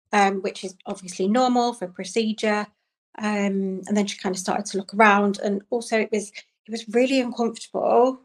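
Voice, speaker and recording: A young woman telling a personal story as an interview guest, speaking softly and haltingly with many pauses and restarts. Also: mid-range voice, creaky.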